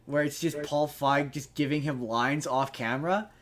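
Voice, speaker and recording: A man hosting a podcast, chatting casually about a movie in a rambling, animated way with lots of restarts and swearing. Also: a little high, moderate pace, a little hiss or hum. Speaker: podcast host. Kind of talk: casual movie review chat.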